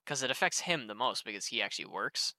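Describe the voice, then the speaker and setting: A man's voice: mid-range voice, lively intonation, fast, pushed and bright, no echo. A young man co-hosting a podcast, chatting casually and laughing often at the jokes. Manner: laughs often, jokey banter. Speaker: podcast co-host. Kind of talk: casual chat.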